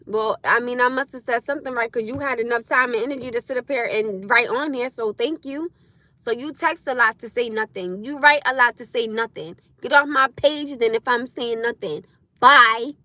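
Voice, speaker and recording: A woman chatting casually on a livestream, loud and laughing often as she answers comments. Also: fairly high pitch, normal speed, dry recording. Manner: loud, laughing, talks back to chat. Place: in her car.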